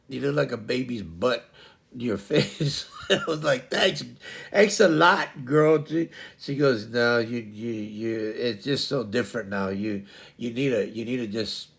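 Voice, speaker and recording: A man's voice: mid-range voice, creaky. A middle-aged man hosting a casual livestream chat, rambling and stumbling over repeated words. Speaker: livestream host.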